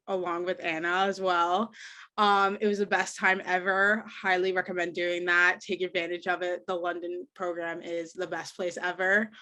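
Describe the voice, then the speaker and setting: A woman's voice: mid-range voice, bright, forceful tone. A woman in her twenties, a student introducing herself on a video call in an upbeat, enthusiastic way. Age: 20s. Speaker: student panelist. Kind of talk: casual video call chat.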